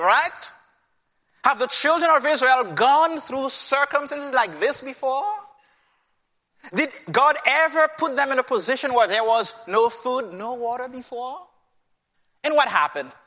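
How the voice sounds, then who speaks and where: A man's voice: very high-pitched, sharp tone, in a large hall. A man preaching a sermon with emphasis, often putting rhetorical questions to his listeners.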